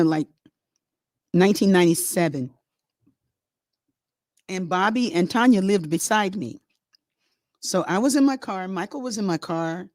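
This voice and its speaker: A middle-aged woman hosts and tells her online audience a story, lively, chatty and rambling. Her voice sits in the mid-range, and the dry recording is studio quality.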